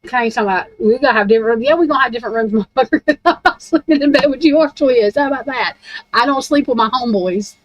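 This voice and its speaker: A woman's voice: sits high, expressive, fast, no room sound, rough recording. A woman in a casual, rambling rant about true crime, blunt and heavy on profanity.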